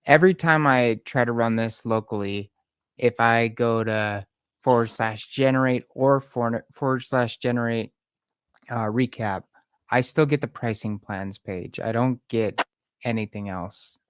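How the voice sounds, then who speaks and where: A man asks a hesitant question during a live coding class. His voice is smooth and clear, with a dry, close sound. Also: mid-range voice, measured pace, no echo. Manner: hesitant, with fillers. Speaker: participant asking a question. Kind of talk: casual question.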